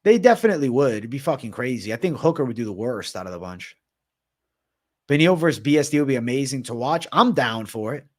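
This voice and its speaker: A man's voice: medium pitch, big pitch swings, fast, darkish tone. A young man hosting a casual MMA livestream Q&A, talking in a profane, slangy way and calling viewers bro.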